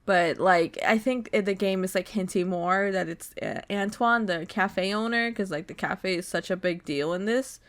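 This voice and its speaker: A young woman streaming a visual novel, reacting with loud disbelief and swearing. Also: medium pitch, normal speed, hardly any pauses.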